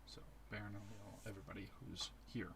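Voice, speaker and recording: A man narrating a tabletop game as its game master in a slow, measured way. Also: on the low side, level tone, gravelly, crowd noise.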